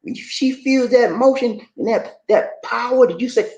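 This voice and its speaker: A man's voice: normal speed, lo-fi sound. A man giving casual relationship advice on a vlog, emphatic and preachy, calling the listener "man" and "baby". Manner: animated, swoops up high for emphasis. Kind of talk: casual motivational advice talk. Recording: echoey room.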